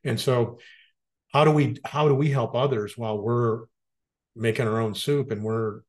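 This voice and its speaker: A man's voice: medium pitch, steady tone, normal speed, a little mellow. A middle-aged man co-hosting a podcast, talking in a reflective, earnest way. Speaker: podcast co-host. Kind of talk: casual conversation.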